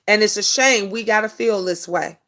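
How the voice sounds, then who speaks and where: A woman's voice: medium pitch, normal speed, sharp tone. A middle-aged woman hosting a casual live stream. She answers viewer comments in an emphatic, preachy way and repeats her points. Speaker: livestream host.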